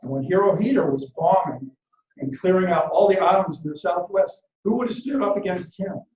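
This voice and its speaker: High-voiced man telling a dramatic story. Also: a little fast. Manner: dramatic, acts out quotes and shouts battle orders. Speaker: motivational speaker. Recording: echoey room, distant mic, dull lo-fi sound.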